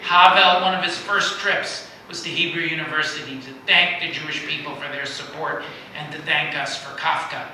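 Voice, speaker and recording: Middle-aged male guest speaker, animated anecdotes, bright tone, heard from a distance in a roomy hall. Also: a little high, moderate pace. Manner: animated anecdotal storytelling with lively quoted voices. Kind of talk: storytelling talk. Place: synagogue hall. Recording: echoey hall, distant mic, faint noise.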